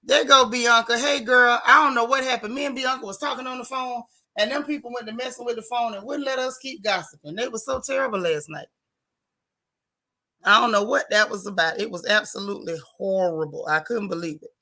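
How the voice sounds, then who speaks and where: Bright-voiced woman hosting a livestream. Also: on the high side, fairly quick. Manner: lively, Southern-tinged casual talk with chat shout-outs. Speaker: livestream host. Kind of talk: casual livestream chat greeting viewers.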